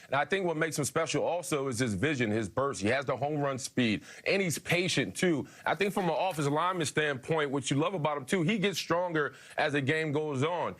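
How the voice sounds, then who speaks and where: A former offensive lineman breaks down a player with open enthusiasm. His voice sits slightly high for a man. He talks as a sports analyst on a panel. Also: a little fast, hardly any pauses, a bit bright. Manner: enthusiastic, praising.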